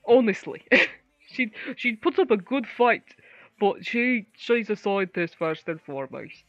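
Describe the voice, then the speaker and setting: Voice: medium pitch, lively intonation, a little slow, no echo, highs cut off. A player narrating their character's actions in a tabletop role-play, rambling with many fillers and frequent laughter.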